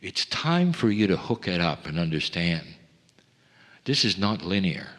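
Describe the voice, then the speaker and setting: A man delivering a channeled spiritual message to a seminar audience, measured and intimate, often sinking to hushed tones. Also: low voice, very animated. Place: seminar hall. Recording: long hall reverb.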